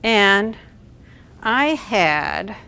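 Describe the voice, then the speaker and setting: Woman giving a lively talk to an audience. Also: mid-range voice, drawn-out words, vocal fry, clean tone. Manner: conversational, engages audience with questions. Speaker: speaker at a support event.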